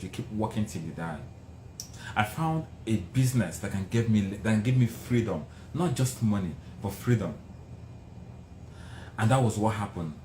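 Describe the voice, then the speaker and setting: A man's voice: lowish voice, darkish tone. A middle-aged man giving a passionate motivational speech, hammering points home by repeating them. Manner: passionate, emphatic, repeats phrases for effect. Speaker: motivational speaker. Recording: roomy echo, faint background noise.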